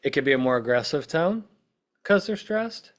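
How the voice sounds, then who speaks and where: A man's voice: fairly high pitch, animated, moderate pace. A man hosting a podcast, explaining in a casual, conversational way and checking in with the listener as he goes. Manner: conversational, peppers points with "right?" and "okay?"; acts out quoted speech in short bursts. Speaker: podcast host, witness-prep consultant.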